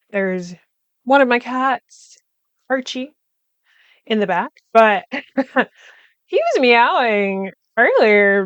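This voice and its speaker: A woman's voice: medium pitch, fairly bright tone, smooth, dry recording, muffled recording. A young woman hosting her own podcast, giving a casual, rambling update at home with many fillers. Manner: rambling, chatty, with frequent fillers and laughs. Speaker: podcast host. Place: room at home.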